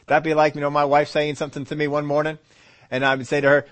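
A male pastor preaching a sermon, telling a story quietly and then building to loud, emphatic preaching. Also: on the high side, completely flat delivery, quick pace.

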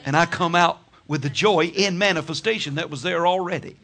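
A man preaching a sermon, telling stories with bursts of laughter and shouting. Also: a little high, brisk. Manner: animated storytelling, laughing and shouting. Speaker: pastor.

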